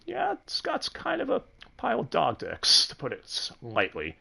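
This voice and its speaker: A man hosting a casual, profane review of an anime dub, sardonic and quick to laugh. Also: fairly high pitch, wildly swooping pitch, vocal fry, pushed and bright. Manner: sardonic, swears freely, laughs often.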